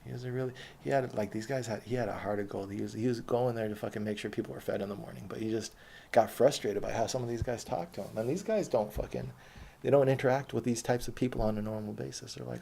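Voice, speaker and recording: A man's voice: mid-range voice, fairly even intonation, quick pace, gravelly, dark tone, slightly rough. A man telling a rambling, profane, streetwise story from his own life in casual speech.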